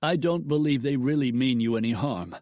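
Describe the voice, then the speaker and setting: A man voices a cowed, frightened banker pleading nervously, pitching above his own natural voice while staying close to an everyday sound. The delivery is mid-range, animated, and a little fast with a darkish tone, recorded at studio quality with no echo.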